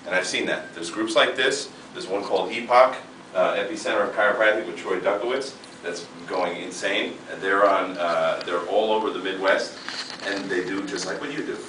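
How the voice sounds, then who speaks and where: Fired-up guy in his 30s giving a seminar pep talk, lowish voice, mic far off in a roomy hall. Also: normal speed, few pauses, bright, forceful tone, a little hiss or hum. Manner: fired-up, emphatic. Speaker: seminar speaker. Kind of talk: motivational talk. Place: seminar room. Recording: echoey room, mic far off.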